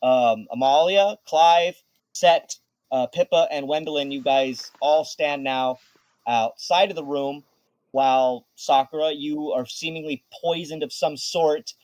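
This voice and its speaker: A man's voice: fairly high pitch, measured pace, darkish tone, no echo, rough recording. A man running a tabletop game as game master, talking hesitantly with many restarts.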